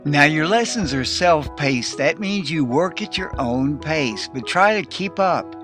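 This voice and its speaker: Man teaching Hebrew, slightly high voice. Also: expressive, over music. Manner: explanatory, slows to spell out Hebrew words. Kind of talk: recorded lesson.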